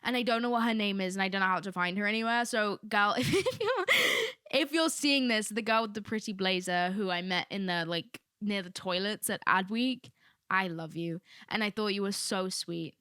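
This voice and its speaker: A woman's voice: mid-range voice, fairly even intonation, a little fast, pushed and bright, clear, resonant tone, no room sound, studio quality. A young woman hosting a casual solo podcast, rambling candidly with lots of "like" asides. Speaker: podcast host.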